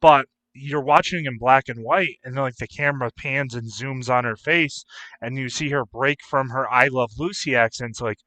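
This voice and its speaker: A man co-hosting a casual review chat, telling what he saw in an animated way and acting out his own reactions. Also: mid-range voice, normal speed, no room sound, poor audio. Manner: animated, acts out his reactions with voiced quotes. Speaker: co-host and reviewer. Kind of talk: casual pop-culture chat.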